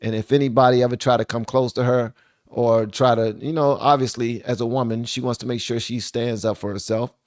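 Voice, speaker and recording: A man's voice: medium pitch, steady tone, a little fast. A man hosting a reaction commentary show, talking into a desk microphone and often repeating himself. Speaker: channel host.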